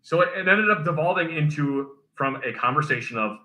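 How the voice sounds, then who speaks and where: A man who is a military veteran, telling profane war-shop stories on a casual stream. His voice is bright and cutting, set slightly high. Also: a little fast. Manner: animated, profane storytelling. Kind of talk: casual storytelling on a drunkstream.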